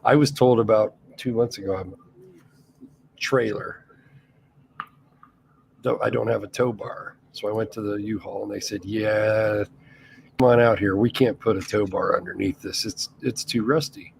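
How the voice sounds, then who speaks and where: Gravelly, lively low-voiced man. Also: moderate pace, pauses often, slight background noise. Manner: wry, laughs often, swears. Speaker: co-host. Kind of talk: casual podcast chat.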